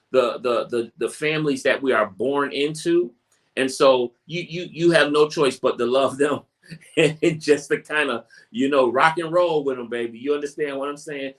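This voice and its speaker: A man hosting a podcast, giving casual advice in a conversational way, often repeating phrases and restarting sentences. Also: fairly high pitch. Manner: acts out quoted family chatter in brighter voice. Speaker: podcast host.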